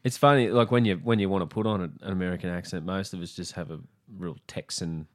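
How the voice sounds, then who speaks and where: A man's voice: low-pitched, steady tone, fast. A middle-aged Australian man in a laid-back, joking casual chat.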